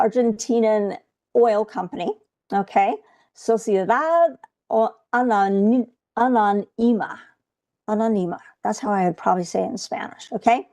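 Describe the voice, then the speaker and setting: A woman's voice: mid-range voice, gravelly, a little mellow. A woman coaching viewers through a live trading webcast in a chatty way, often checking in with "okay?".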